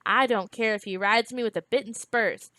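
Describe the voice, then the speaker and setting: A woman reading aloud, voicing a blunt street-raised boy who talks in slang, pitched a little higher than her narration. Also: steady tone, normal speed, pushed and bright, dry recording.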